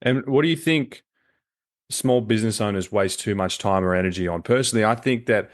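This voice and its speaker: Deep-voiced, fast-talking podcast host. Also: male voice. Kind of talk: interview questions.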